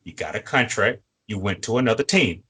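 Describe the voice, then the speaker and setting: A man's voice: fairly low pitch, expressive, fairly quick, bright, forceful tone, breathy edge. A man co-hosting a sports fan show, lecturing a player in a repetitive, preachy way. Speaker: co-host. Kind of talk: fan sports podcast talk.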